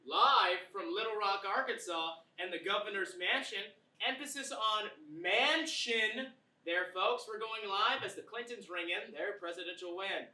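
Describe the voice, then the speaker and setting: A woman's voice: mid-range voice, unhurried, pushed and bright. A woman playing a brash, conspiratorial TV pundit who rants and hypes a scandal in a comedy sketch. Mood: ranting. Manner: bombastic, ranting, conspiratorial. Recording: roomy, distant mic.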